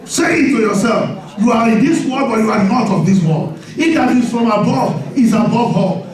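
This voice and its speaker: A high-pitched man preaches with animated energy, laughing often and calling out for responses from the congregation. His voice sounds set back from the mic, ringing through a very echoey church hall. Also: normal speed, hardly any pauses, far from the mic. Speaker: pastor. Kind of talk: sermon.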